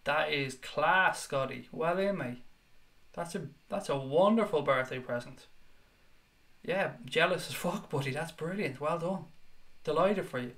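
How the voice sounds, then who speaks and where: A young man hosts a live fan chat show, talking casually with viewers and reading their comments aloud in a blunt, sweary way. His voice is a little high and a bit bright, and he speaks at a measured pace.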